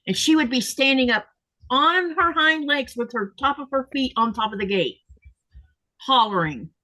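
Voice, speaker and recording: Chatty higher-voiced woman storyteller. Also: lively intonation, normal speed, sharp tone. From Florida. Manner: chatty storyteller, reads viewer comments aloud. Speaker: host of a sewing live stream. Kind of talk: casual chat while sewing.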